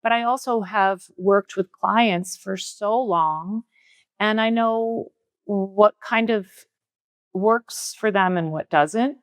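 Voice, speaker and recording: A woman's voice: slow, dry recording, clean studio sound. A middle-aged woman who hosts a spiritual talk show, telling a story casually and acting out the voices in it. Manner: animated, acts out quoted dialogue with big jumps in pitch. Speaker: spiritual teacher and podcast host.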